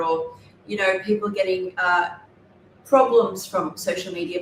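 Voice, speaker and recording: A woman's voice: mid-range voice, a little hiss or hum. A woman hosting a casual cooking livestream from her kitchen, explaining as she goes and often correcting herself. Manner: rambling, self-correcting explanations. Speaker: livestream host. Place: home kitchen. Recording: echoey room with faint ambience.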